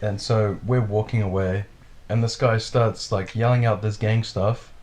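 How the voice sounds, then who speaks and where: A man telling a wild story in casual chat, animated and full of swearing, laughing as he goes. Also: fairly low pitch, unhurried. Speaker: podcast storyteller.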